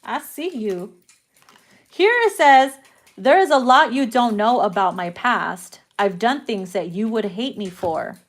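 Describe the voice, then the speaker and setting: A young woman gives a casual tarot reading in a fairly high voice. She talks slowly, laughing often and cursing freely. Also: lively intonation. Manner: brash, profane and laughing a lot. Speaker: tarot reader.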